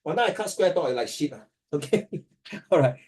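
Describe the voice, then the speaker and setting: A man's voice: fairly high pitch, expressive, fairly quick, a little mellow, slight background noise. A man with a Singaporean English accent tutoring a student in a playful, teasing way, switching between languages. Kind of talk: casual one-on-one tutoring.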